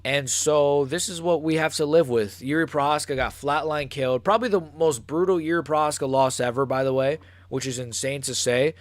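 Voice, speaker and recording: A young man hosting a live fight reaction stream, ranting excitably and swearing, recorded close to the mic. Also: a little high, fairly quick, few pauses, no room sound. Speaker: MMA channel host.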